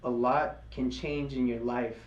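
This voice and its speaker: A man's voice: mid-range voice, fairly even intonation, measured pace, reverberant, highs cut off. A young man live-streaming his trading, hyped and slangy, cheering the chart on and sweet-talking it like a lover.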